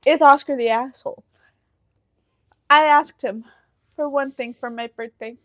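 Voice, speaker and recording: A woman co-hosting a podcast, telling stories in a casual chat, animated and teasing, laughing often and swearing casually. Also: high-pitched, a little slow, no room sound, lo-fi sound. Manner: animated storytelling with frequent laughs. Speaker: podcast co-host.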